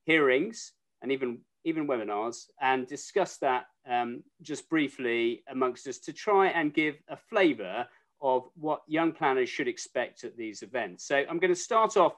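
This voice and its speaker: A man's voice: medium pitch, expressive, normal speed. A man hosting a lighthearted chat over a video call, teasing his guests with jokes. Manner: jokey, warmly teasing. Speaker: host.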